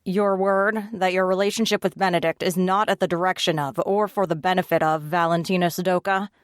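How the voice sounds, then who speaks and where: A woman's voice: lowish voice, steady tone, fairly quick, no room sound, clean studio sound, close to an everyday voice. A woman voicing a blunt, foul-mouthed shifter pack leader who runs a bar, speaking in a curt, commanding way. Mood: stern.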